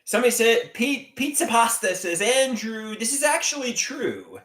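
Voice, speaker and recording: Reading viewer comments on a livestream, a man chats and rambles casually, swinging his pitch and volume theatrically. He has a sing-song delivery at a moderate pace, a slightly bright tone, and a reverberant sound.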